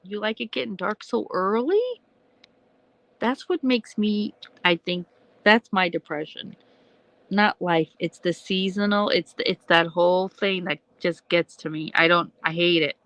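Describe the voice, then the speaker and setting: A woman with a gravelly, crisp and bright voice hosts a casual late-night livestream from home. She rambles chattily and keeps turning to answer viewers' comments. The sound is close and dry. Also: fairly low pitch, measured pace, dry recording, rough recording. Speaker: livestream host.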